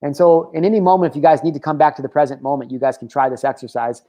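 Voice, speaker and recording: A man's voice: on the high side, fairly even intonation, rapid-fire, warm tone. Candid, profane man in his thirties. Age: 30s. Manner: candid and profane, tangent-prone, with filler words. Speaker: host. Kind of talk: casual motivational talk.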